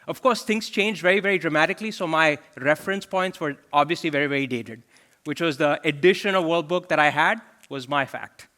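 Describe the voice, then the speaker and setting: Bright-voiced man giving a keynote. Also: on the high side, fairly quick. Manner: conversational, asks the audience questions. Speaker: chief product officer giving a keynote. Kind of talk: conference keynote speech. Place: large conference hall.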